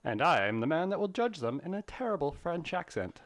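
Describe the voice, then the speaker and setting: Animated, jokey male podcast host. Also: a little high, brisk. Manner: playful, theatrical and jokey. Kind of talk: casual movie-review podcast chat.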